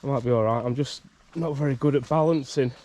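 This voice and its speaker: Guy rambling on a walk outside, bit bunged up, mid pitch, faint countryside noise. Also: fast talker, darkish tone. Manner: chatty, rambling, restarts and laughs. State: bunged up from a cold. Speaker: vlogger. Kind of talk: casual vlog, walking outdoors. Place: outdoors on a rural campsite by a loch.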